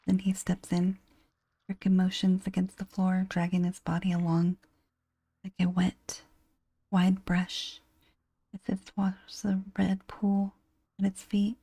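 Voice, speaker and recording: A woman giving a whispered horror game narration, hushed and anguished, over faint music. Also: fairly low pitch, slightly rough, no room sound. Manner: hushed, anguished first-person storytelling.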